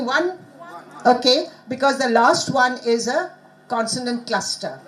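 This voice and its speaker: A woman leads a pronunciation lesson at a conference, her voice a little higher than most. She coaxes her listeners with quick prompts and repeats words for them to copy. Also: rough recording. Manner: coaxing, drills audience with quick prompts. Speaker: conference speaker teaching pronunciation. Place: conference hall.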